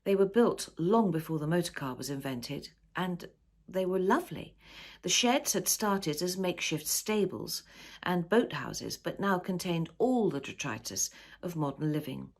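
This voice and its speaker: Author reading her novel aloud, lower-pitched woman, unhurried storyteller. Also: lively intonation. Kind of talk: storybook narration.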